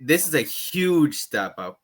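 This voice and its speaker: A man gushing in casual podcast chat, his speech full of fillers. His pitch swings a lot and sounds animated. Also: slow pace, slightly rough. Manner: enthusiastic, lots of fillers like 'um' and 'like'. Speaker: podcast co-host.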